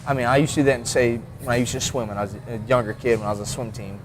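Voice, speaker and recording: A man's voice: mid-range voice, steady tone, very fast, noisy background. A man who is a mixed martial arts fighter, talking as a podcast guest in a laid-back, rambling way. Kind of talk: casual podcast chat.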